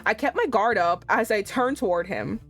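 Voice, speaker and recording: A young woman streamer reacting loudly and profanely while playing a romance visual novel. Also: medium pitch, expressive, moderate pace. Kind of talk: live-streamed gameplay reaction. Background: faint music.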